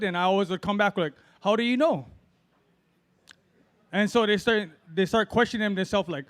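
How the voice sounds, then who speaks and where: A middle-aged man from Hawaii doing a loose, rambling open-mic stand-up set. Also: high-pitched. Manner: rambling, self-deprecating, loose delivery with fillers. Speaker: amateur stand-up comic.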